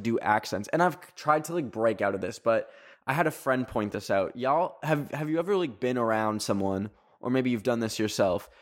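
A young man from Canada hosting a podcast, talking casually in a rambling, animated way, full of fillers. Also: medium pitch. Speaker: podcast host.

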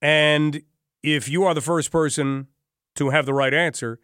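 A man's voice: fairly high pitch, steady tone, measured pace, pushed and bright, clean tone, no room sound. A man hosting talk radio from a studio mic, conversational and wry, with dry sarcasm. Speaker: radio talk show host. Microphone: studio microphone.

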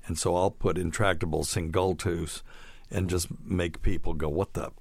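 Middle-aged guy doctor on a podcast, lowish voice, dry close sound, joking around while reading notes. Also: steady tone, normal speed, no echo. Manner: chatty, jokey, reads from notes. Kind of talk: casual medical podcast chat.

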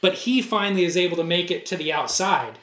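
A man with a high voice tells a story on a podcast, with lively, animated delivery. He acts out the dialogue himself in casual chat. The room around him sounds echoey. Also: fast talker. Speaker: podcast co-host.

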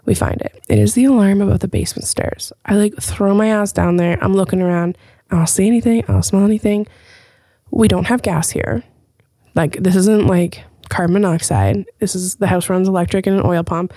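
A woman hosting her own podcast, talking casually and telling stories with lively, profane chatter. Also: medium pitch, brisk, no echo, clean studio sound. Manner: chatty, swears freely, animated storytelling. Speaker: podcast host. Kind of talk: casual chat.

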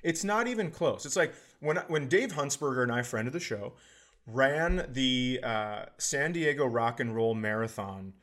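A man's voice: medium pitch, a little slow. Man ranting with comic exaggeration. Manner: animated ranting, profane exaggeration. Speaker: podcast co-host. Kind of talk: casual comedic chat.

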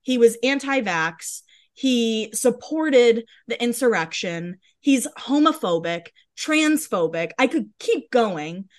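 Woman podcast co-host, fairly high voice, blunt, heated, swears a lot, casual chat. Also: lively intonation, takes it slowly.

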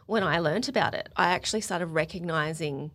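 A woman from Australia, a guest on a podcast, chatting in an animated, emotional way with lots of fillers. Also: lowish voice, brisk. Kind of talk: casual podcast chat.

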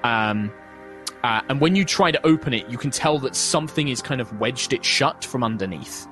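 A man of ordinary pitch narrates a tabletop game as its game master, rambling along with plenty of ums and self-corrections. Faint music sits quietly under his voice. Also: expressive, normal speed.

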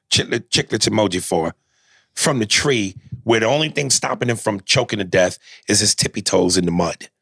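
A man co-hosting a casual talk show, retelling a film scene with lively, animated delivery. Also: on the low side, no echo, clean studio sound. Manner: animated storytelling, acting out scenes in mimicked voices. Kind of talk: casual chat.

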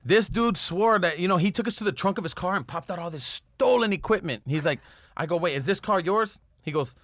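Guest, male skater from Los Angeles, animated profane storyteller, somewhat high voice, dry mic. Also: a little fast, no echo. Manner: profane, street slang, animated retelling. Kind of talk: casual storytelling.

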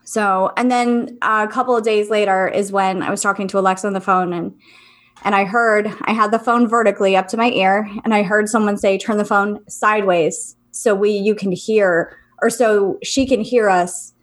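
A woman's voice: medium pitch, fairly even intonation, normal speed. A woman co-hosting a podcast, chatting casually and rambling with lots of fillers. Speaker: podcast co-host, psychic reader. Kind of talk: casual chat.

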